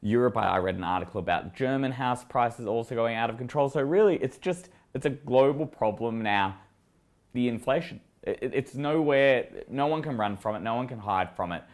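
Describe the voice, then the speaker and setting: A man's voice: mid-range voice, animated, normal speed. A man with an Australian accent, a guest strategist talking through markets in a casual, analytical way.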